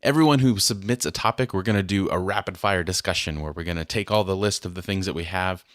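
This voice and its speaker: A man's voice: low-pitched, fast, no echo, clean studio sound. A man hosting a faith podcast, chatting casually and announcing with playful mock grandeur. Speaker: podcast host. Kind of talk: casual chat.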